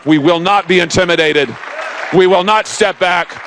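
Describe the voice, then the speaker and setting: A man's voice: on the high side, normal speed, some chatter behind. A man in his forties, a senator giving a political rally speech to a live audience, emphatic and rousing, with lots of repetition.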